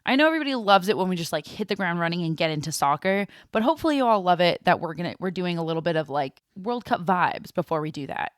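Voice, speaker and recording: A woman's voice: fairly low pitch, animated, quick pace, hardly any pauses, dry recording, studio quality. A young woman co-hosting a podcast, chatting casually and rambling, laughing often. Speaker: podcast co-host. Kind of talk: casual chat.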